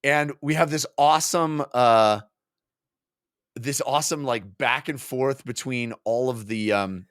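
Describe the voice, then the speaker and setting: A man's voice: mid-range voice, a little slow, fairly bright tone, clean tone, no room sound, clean studio sound. A man co-hosting a podcast, retelling a book's scenes in casual, enthusiastic chat with plenty of fillers and restarts. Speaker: podcast co-host. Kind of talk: casual book discussion.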